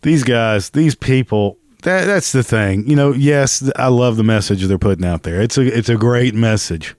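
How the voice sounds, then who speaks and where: A man's voice: mid-range voice, normal speed, darkish tone, dry recording, studio quality. A man giving casual, sarcastic and profane reaction commentary on a video he is watching.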